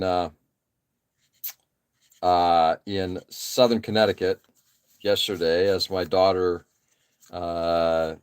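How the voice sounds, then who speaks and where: A low-pitched man with a clean tone, in his forties, hosts a live stream while building a model kit. He chats casually and rambles, relaxed, dropping frequent "uh" fillers and self-deprecating asides as he works.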